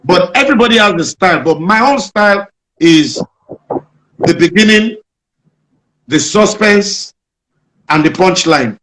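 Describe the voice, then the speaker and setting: Nigerian man, comedian, animated storyteller, fairly high pitch, Nigerian accent, interview guest. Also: measured pace, pauses often, poor audio. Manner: animated storyteller, acts out jokes.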